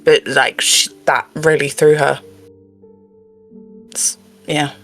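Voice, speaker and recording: A player in a tabletop game who talks in a casual, animated way and rambles with a lot of "like". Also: medium pitch, takes it slowly, faint music behind. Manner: animated, rambling, laughing often.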